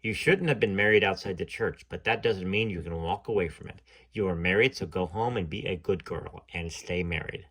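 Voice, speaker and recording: A man's voice: low-pitched, a little fast, a bit bright, husky, pitched below the performer's own voice, exaggerated voice. A man reading as a stern old priest. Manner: cold, admonishing. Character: stern elderly male parish priest.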